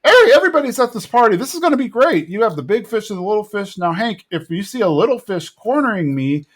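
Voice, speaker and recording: A man voicing an excitable, bossy male boss in a raised, eager voice while retelling a cartoon scene. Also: high-pitched, fast, voice pushed up. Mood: excited.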